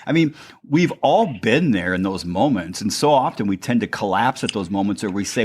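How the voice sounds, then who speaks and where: A male podcast host with a low voice. He turns from his guest to address the audience directly, earnest and encouraging, building a motivational point. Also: lively intonation, brisk, a little mellow, breathy edge.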